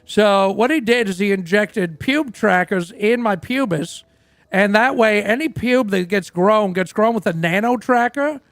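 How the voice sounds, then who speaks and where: A man voicing a boastful, foul-mouthed rock frontman from a roleplay game stream, with a high, gravelly voice. He rambles in character, trips over fillers and brags without pause. The sound is close and dry, with no room around it. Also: a bit bright, dry recording. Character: crude, boastful male rock singer.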